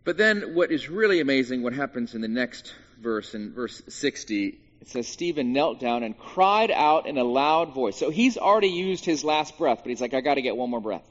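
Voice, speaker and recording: A man, a pastor, preaching a sermon in an animated way, swinging between hushed and loud moments, with jokey asides. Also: mid-range voice, moderate pace, few pauses. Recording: dull sound with long reverb in a large hall.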